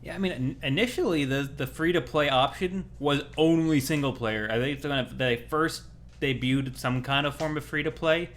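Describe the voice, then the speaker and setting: A man's voice: a little high, normal speed, a bit bright. A man co-hosting a gaming podcast, talking casually and rambling with many fillers. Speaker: podcast co-host.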